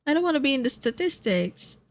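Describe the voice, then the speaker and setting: A woman's voice: high voice, sing-song, quick pace. A sleepy young woman from the Philippines, streaming and chatting casually, rambling, yawning, laughing often and swearing. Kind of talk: casual chat.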